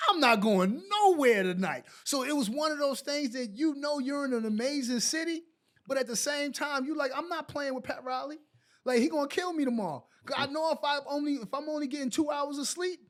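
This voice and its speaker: A man from New York tells stories in a loose, casual way, and his voice sits unusually high for a man. He acts out quoted lines in a raised, lively voice before dropping back into the telling. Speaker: guest, former pro basketball player. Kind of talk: casual storytelling.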